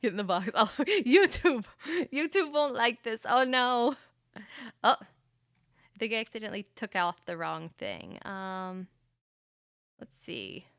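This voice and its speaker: A woman's voice: fairly high pitch, very animated, takes it slowly, long pauses, a bit bright, clear, resonant tone, no room sound, studio quality. A woman chatting casually on a livestream, rambling about games with frequent laughs. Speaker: streamer.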